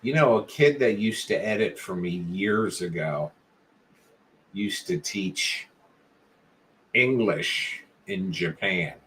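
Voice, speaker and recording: A man hosting a casual late-night video diary, talking in a low-key, mumbling way. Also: expressive, slow, long pauses, fairly bright tone. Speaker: vlog host.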